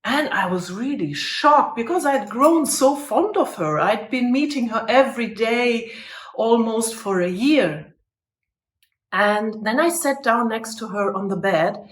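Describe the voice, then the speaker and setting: A woman's voice: fairly high pitch, lively intonation, a little slow, echoey room. A woman in her fifties working as a life coach, telling a personal story to camera in an earnest, heartfelt way. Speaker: life coach and motivational speaker.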